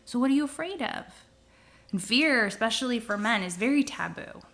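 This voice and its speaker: A middle-aged woman astrologer giving a casual spoken forecast, lively, now and then dropping into whispers to act out feelings. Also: fairly high pitch, normal speed. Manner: animated, acts out quoted feelings with sudden whispers.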